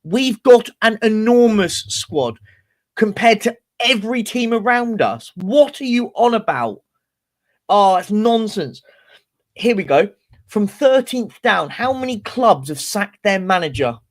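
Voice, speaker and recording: A man co-hosting a casual football fan podcast, animated and ranting, often mimicking other fans. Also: sits high, a little slow. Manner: animated, ranting, quotes fans in mocking voices. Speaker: podcast co-host.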